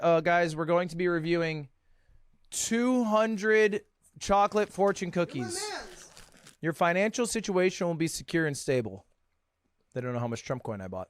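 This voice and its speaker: A young man streaming casually at his desk, joking and swearing with lively energy. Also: sits high, clear, resonant tone, no room sound, studio quality. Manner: animated, jokey, swearing. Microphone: desk microphone.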